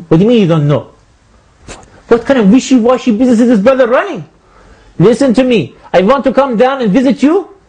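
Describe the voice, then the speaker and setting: A man doing a demanding, suspicious customer in a comedy sketch, who barks questions and keeps saying brother. The voice sits very high and comes out husky. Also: warm tone. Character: pushy male customer grilling a butcher.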